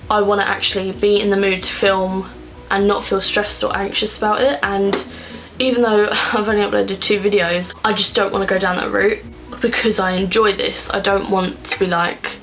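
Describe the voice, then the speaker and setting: A young woman talks through her makeup at home in a loose, rambling way. Her words are scattered with "like" as she chats to the camera. Soft music plays faintly underneath. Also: mid-range voice, level tone, normal speed, low-quality recording. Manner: chatty and rambling, many filler "like"s. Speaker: beauty vlogger. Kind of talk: casual get-ready-with-me chat. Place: at home, indoors.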